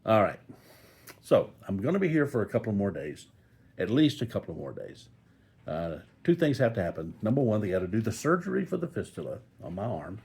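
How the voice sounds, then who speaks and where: Older male vlogger, low husky voice, animated, folksy rambling from a hospital bed. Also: brisk. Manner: rambling, folksy, joking asides. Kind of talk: casual talk to camera. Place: hospital room.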